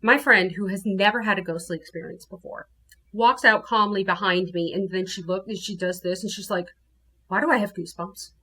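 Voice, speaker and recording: A woman from New Orleans, a guest telling her ghost story in casual, animated talk. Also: mid-range voice, a little fast. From New Orleans, USA. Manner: animated, acts out her own quotes.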